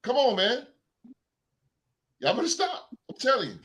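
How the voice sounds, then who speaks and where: High, bright-voiced ranting sports host. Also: male voice, unhurried, pauses often. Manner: animated, heckling, mocking fans' voices. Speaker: podcast host. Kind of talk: sports talk rant.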